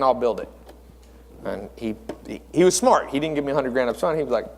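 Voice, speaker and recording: A man in his thirties giving a live seminar talk, animated and asking the audience rhetorical questions. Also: mid-range voice, quick pace. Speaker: speaker at a mentor conference. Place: conference room with audience. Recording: long reverb of a hall.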